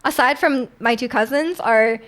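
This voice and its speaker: A woman's voice: on the high side, normal speed, a bit bright. A young woman from Canada chatting casually with viewers on a live stream, rambling with lots of fillers and laughs.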